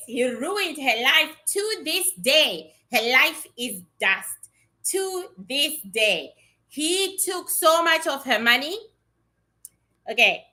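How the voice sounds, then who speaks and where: A woman's voice: sits high, sharp tone. A woman giving a casual, blunt psychic reading to her viewers, chatty and swearing freely. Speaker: psychic reader.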